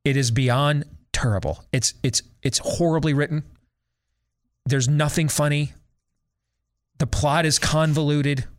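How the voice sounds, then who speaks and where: A man's voice: fairly high pitch, fairly even intonation, measured pace, long pauses. A middle-aged man hosting a talk show, ranting sarcastically in a casual monologue and mimicking voices. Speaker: radio talk show host.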